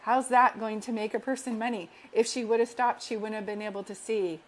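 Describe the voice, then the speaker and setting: A woman's voice: fairly high pitch, fairly even intonation, a little fast. A woman working as a psychic medium, giving an affectionate, reassuring reading on a live stream and repeating affirmations earnestly. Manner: affectionate and reassuring, calls listeners sweetheart.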